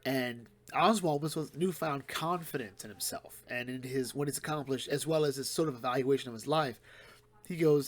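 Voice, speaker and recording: A man giving a casual solo comic book review, retelling plots quickly and rambling with fillers and restarts. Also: mid-range voice.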